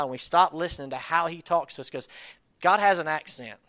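A bright, forceful-sounding man, preaching in a loose, conversational way. He drifts through asides, then pushes his voice up into sudden loud bursts. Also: fairly high pitch, a little fast. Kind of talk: sermon.

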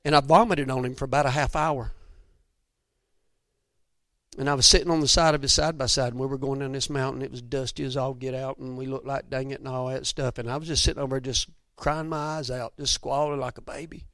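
A man's voice: mid-range voice, fairly even intonation, fairly quick, no room sound. Folksy Southern preacher man, dry sound. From Georgia. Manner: folksy, emphatic, drops to soft near-whispers. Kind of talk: sermon storytelling.

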